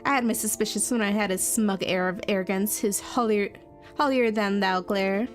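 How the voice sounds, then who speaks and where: A woman voicing a vengeful young rebel woman in a game, accusing and intense, with soft music behind. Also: mid-range voice, fairly even intonation, moderate pace, lightly acted. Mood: bitter.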